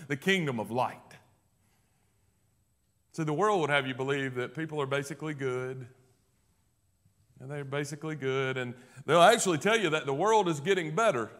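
A male pastor preaching a sermon, swinging from loud emphatic declarations to hushed, low passages.

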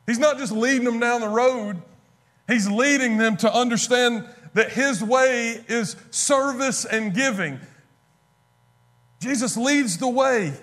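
A man's voice: high voice, a bit bright. A man preaching a sermon in a conversational way, acting out lines of scripture figures as he goes.

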